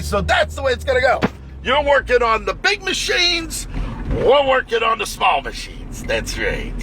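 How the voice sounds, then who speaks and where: Brash, hollering high-voiced man. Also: background noise. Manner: loud, boastful, brash, swaggering; frequent shouting and hollered whoops. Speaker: locksmith. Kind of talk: unscripted live rant.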